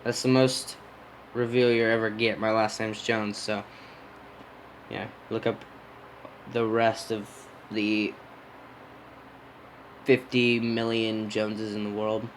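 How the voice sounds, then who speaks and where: A man's voice: lowish voice, flat delivery, slow, long pauses, slight background noise, low-quality recording. A young man casually telling a rambling personal story on his podcast, yawning and smacking his lips. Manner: rambling, self-interrupting, yawning and lip-smacking. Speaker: podcast host.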